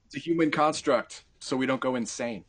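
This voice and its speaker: A man's voice: mid-range voice, a little fast, fairly bright tone, slightly rough, no echo. A man co-hosting a casual podcast with wry, self-deprecating banter. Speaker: podcast co-host.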